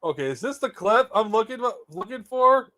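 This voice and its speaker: A man's voice: sits high, lively intonation, moderate pace, sharp tone. A man streaming casually, profane and incredulous as he reacts to a clip. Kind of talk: casual live stream chat.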